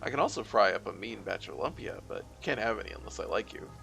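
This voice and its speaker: A man reads a fierce little orc woman with a Filipino accent, gruff and rapid-fire, proud of her work. The voice sits low but jumps around, with a heavy gravelly fry. Game music plays faintly underneath. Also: animated, fairly bright tone, full character voice, poor audio. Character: fierce small female orc nanny, proud and protective.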